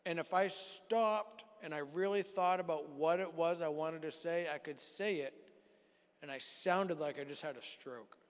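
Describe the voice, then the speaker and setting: A man in his forties giving an animated sermon testimony to a youth group in a church hall, acting out the dialogue as he tells it. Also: on the high side, unhurried, clear, resonant tone. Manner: animated storytelling, acts out dialogue. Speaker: youth speaker. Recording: long reverb of a church hall.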